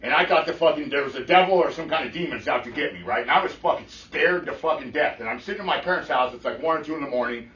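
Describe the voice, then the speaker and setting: Man, middle-aged, recovery meeting testimony, blunt, profane, bright forceful voice, roomy echo. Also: on the high side, animated, fast, few pauses. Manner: blunt and profane, often checks in with "right?". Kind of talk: personal testimony to a group. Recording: echoey room, mic from far off.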